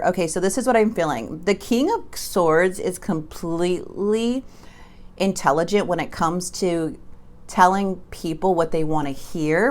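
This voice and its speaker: A woman giving a casual tarot reading to her viewers, chatty and emphatic, often stumbling and restarting her sentences. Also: on the low side. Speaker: tarot reader.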